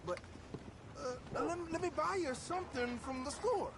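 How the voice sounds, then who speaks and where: An actor playing an excitable, newly pious townsman in a video game, earnest and preachy. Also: extremely high pitch, moderate pace, noisy background.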